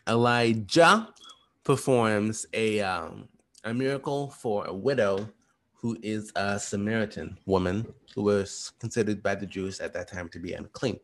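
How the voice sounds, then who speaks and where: A man walking through study questions in a fast, rambling, casual way, with lots of restarts. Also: on the low side. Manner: chatty, retells stories in slangy voices. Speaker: teacher. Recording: voice message.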